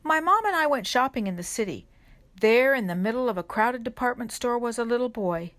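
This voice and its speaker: Woman reader, slightly high voice, gentle storybook read-aloud for kids, unhurried, pauses on questions. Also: expressive. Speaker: reader at a children's worship service. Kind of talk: reading a children's picture book aloud.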